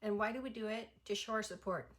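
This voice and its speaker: A woman's voice: mid-range voice, fast. A young woman chatting through a casual album review, full of "like" fillers and gushing enthusiasm. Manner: chatty and effusive, many "like" fillers. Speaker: music reaction vlogger.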